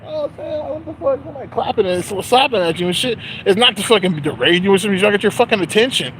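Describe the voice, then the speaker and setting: Rambling, profane man, slightly high voice. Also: animated, racing, slight background noise, low-quality recording. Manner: profane, rambling, lots of filler phrases. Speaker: vlogger. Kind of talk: casual storytelling rant.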